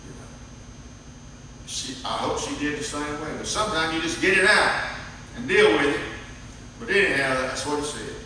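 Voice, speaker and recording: Older man, folksy pastor mid-sermon; bright tone, distant mic in a reverberant church hall. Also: fairly high pitch, animated, normal speed, pauses often, slight background noise. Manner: folksy storytelling with frequent restarts.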